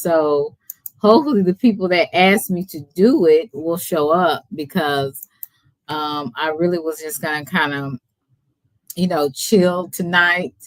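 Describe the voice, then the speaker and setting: A laid-back woman with a Texas accent chats to her live stream viewers, a little tipsy and laughing often. Her voice sits fairly low and she talks slowly. The sound is dry and close, with no room around it. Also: no room sound. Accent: Texan. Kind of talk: casual live stream chat.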